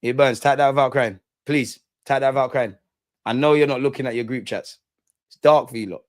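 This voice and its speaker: A man's voice: medium pitch, steady tone, brisk, no echo, clean studio sound. A young man hosting a live football reaction stream, bantering, mocking rival fans and reading chat aloud. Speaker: football fan channel host.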